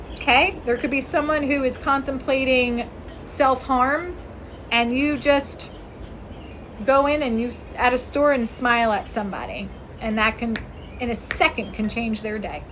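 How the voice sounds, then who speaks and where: A woman's voice: a little high, unhurried, a bit bright, a little hiss or hum. A woman who works as a spirit medium, chatting earnestly on a casual outdoor livestream and thanking viewers by name.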